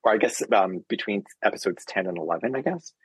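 A man's voice: lowish voice, fast talker, slightly rough, no room sound, rough recording. A man chatting playfully as a guest author on a podcast, talking about his books. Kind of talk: casual podcast chat.

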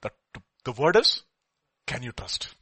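A man preaching a sermon, swinging between quiet asides and loud emphatic lines, acting out the people in his stories. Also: mid-range voice, a little slow, breathy edge, no echo. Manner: animated preaching, acts out quoted dialogue, swings from quiet to loud. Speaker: pastor.

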